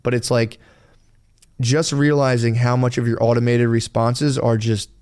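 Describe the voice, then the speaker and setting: A man's voice: mid-range voice, flat delivery, normal speed, a little mellow, smooth. A man co-hosting a casual podcast, rambling and swearing freely as he talks through his own experiences. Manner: rambling, swears freely, quotes himself in other voices. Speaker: podcast co-host.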